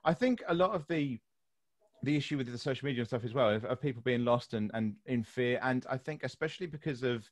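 A British podcast host chats casually and frankly, swearing freely and often laughing at his own jokes. He talks fast in a mid-range voice, recorded at studio quality with no room sound.

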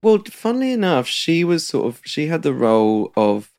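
A man's voice: a little high, very animated, normal speed, a little mellow. A young man speaking as a podcast guest, chatty and self-deprecating, laughing lightly through sad personal stories. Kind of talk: candid personal conversation.

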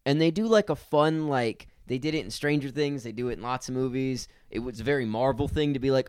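A man's voice: mid-range voice, normal speed, hardly any pauses, smooth, dry recording, studio quality. A man co-hosting a casual podcast and reviewing a movie, telling wry, profane stories about how bad it was. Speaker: podcast co-host.

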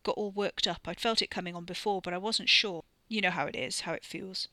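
A woman voicing a blunt, crude young man, gruff and offhand, read from a storybook. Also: medium pitch, steady tone, fairly quick, sharp tone, dry recording. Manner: gruff, offhand, swearing casually.

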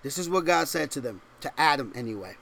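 A male pastor preaches an emphatic sermon with lively intonation, a quick pace and a creaky voice. He swings between loud, forceful stressed points and low, quiet asides, often checking in with rhetorical questions.

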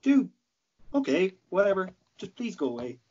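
A man's voice: high voice, sing-song, normal speed, dark tone, slight background noise. A man co-hosting a podcast, chatting casually and agreeably, backing up the other speaker. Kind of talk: casual chat. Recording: dull lo-fi audio.

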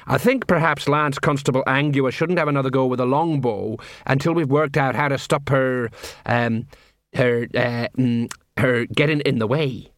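A man's voice: mid-range voice, moderate pace, dry recording, natural voice. A put-upon older male sergeant, hesitating and grumbling, as a male narrator puts him on. The recording is close and dry.

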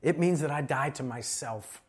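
A male pastor preaching a sermon, emphatic and slowing down to stress key phrases. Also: medium pitch, breathy edge.

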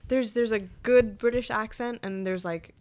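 A woman's voice: on the high side, fairly even intonation, moderate pace, a little mellow. A woman guest-hosting a casual chat podcast, hesitant with many ums and easy laughs. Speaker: guest host. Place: indoor podcast studio. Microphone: studio mic.

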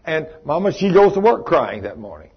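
Husky preacher man. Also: on the high side, moderate pace. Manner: folksy, animated storytelling with acted quotes. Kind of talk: storytelling sermon. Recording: dull lo-fi sermon recording.

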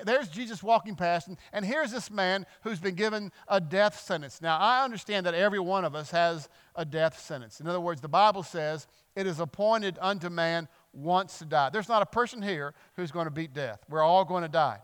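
Preacher in an echoey church hall. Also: male voice, high voice, clean tone. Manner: animated, acts out quoted voices. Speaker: pastor. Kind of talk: sermon.

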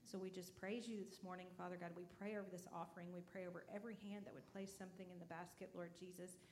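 A woman with a low, gravelly voice leads a spontaneous church prayer over the offering. She speaks in an even, flat tone and keeps repeating her words of address, with faint noise behind her. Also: quick pace. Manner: steady, repeats "Father God" and "Lord Jesus".

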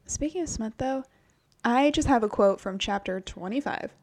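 Woman podcast co-host, lively, blunt and profane, slightly high voice. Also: normal speed. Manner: animated, swears a lot, acts out quotes. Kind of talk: casual book chat.

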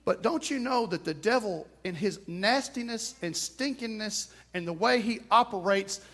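A man's voice: high-pitched, normal speed, a bit bright. A man preaching a sermon, emphatic and repetitive, with touches of humor.

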